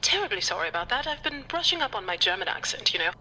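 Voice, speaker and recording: A woman's voice: mid-range voice, sing-song, quick pace, pushed and bright, slight background noise, rough recording. A woman voicing a pompous female psychiatrist in a video game who puts on a fake German accent and talks down to a servant in a snobbish way. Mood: haughty. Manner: haughty, snobbish.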